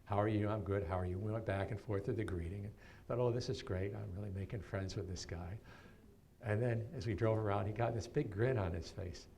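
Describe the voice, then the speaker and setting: A man in his seventies from New York, giving a keynote talk as a storyteller and telling stories with animated swings and laughter. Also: on the low side, a little fast, gravelly. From New York, USA. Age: 70s.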